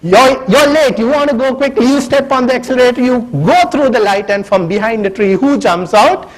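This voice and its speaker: A man's voice: extremely high pitch, brisk, low-quality recording. A man giving a conference keynote, telling a humorous story and talking straight to the audience. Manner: humorous, addresses audience directly. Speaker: keynote speaker. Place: conference hall.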